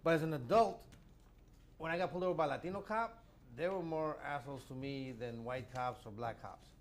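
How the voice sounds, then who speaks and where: A man in casual chat, telling a story fast with stammering repeats. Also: on the high side.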